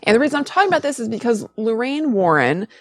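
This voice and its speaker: A woman co-hosting a casual podcast, chatty and quick to laugh at herself, with a light New York tinge to her accent. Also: fairly high pitch, very animated. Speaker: podcast co-host.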